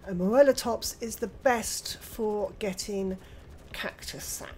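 An older British woman hosting her own gaming channel, chatting excitedly through gameplay and with friends on voice chat. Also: mid-range voice, a little hiss or hum. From United Kingdom. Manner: chatty, excitable, quick exclamations. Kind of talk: casual gameplay commentary.

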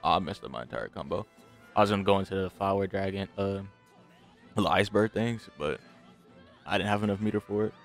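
A man's voice: low voice, fairly quick, vocal fry, pauses often, soft background music. A young man giving casual gameplay commentary, trash-talking his opponent and swinging from grumbling to hype. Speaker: gaming channel host. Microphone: desk mic with game audio.

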